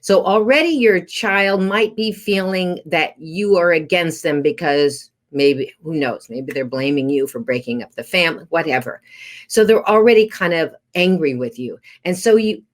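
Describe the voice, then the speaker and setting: Woman, parenting coach, low voice, instructive, rhetorical questions, interview answers. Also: normal speed.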